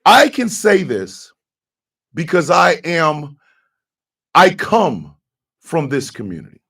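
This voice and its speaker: A man from the United States hosting a radio morning show, giving fiery, profane commentary that bursts into shouting. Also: a little high, sing-song, slow, breathy edge.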